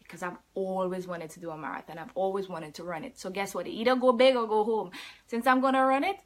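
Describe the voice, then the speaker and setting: A woman's voice: medium pitch, steady tone, fast talker. A woman fitness coach talking casually on a live stream, laughing often and answering viewer comments.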